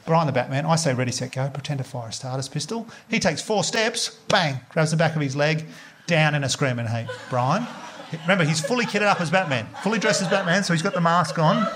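Animated Australian man telling stand-up stories. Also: fairly quick, slight background noise. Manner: animated, swearing, acts out quoted voices with big jumps up in pitch. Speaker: stand-up comedian. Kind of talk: stand-up storytelling.

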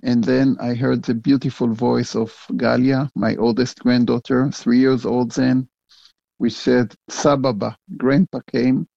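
Older man, gravelly dark voice, halting, dry muffled line. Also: medium pitch, little pitch movement, no echo. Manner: halting, many fillers and restarts. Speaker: interviewee, retired general. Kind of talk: phone-in interview answers. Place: home in a big city.

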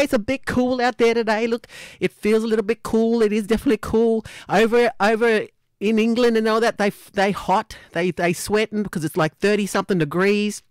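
A woman with an Australian accent hosting a live breakfast radio show, chatty and upbeat and quick to laugh, speaking into a studio microphone. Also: mid-range voice, no echo.

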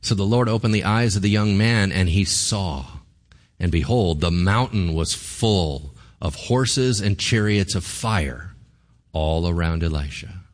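A man's voice: low voice, unhurried. A man preaching a sermon in a church, telling stories animatedly and putting questions to the congregation. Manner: animated, asks the audience questions. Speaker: pastor.

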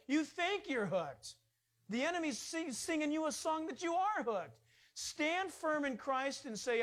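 A man's voice: very high-pitched, very animated, a little slow, fairly bright tone. Male pastor delivering a sermon, emphatic and conversational. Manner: emphatic, conversational preaching with sudden rises.

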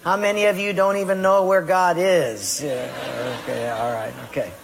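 A man's voice: on the high side, fairly even intonation, normal speed, gravelly, noisy background. A male pastor preaching a sermon to a congregation and asking them direct questions. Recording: long hall reverb.

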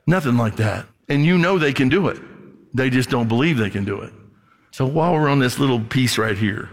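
A man's voice: mid-range voice, fairly quick. A man preaching a sermon as pastor, talking conversationally, acting out voices from the story and closing in prayer. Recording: long reverb of a large hall.

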